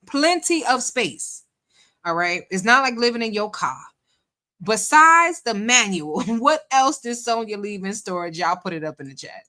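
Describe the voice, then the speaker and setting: A woman's voice: medium pitch, very animated, a little slow, pushed and bright. A woman commentating on a live stream in casual chat, laughing and teasing as she talks to her chat. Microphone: desk microphone.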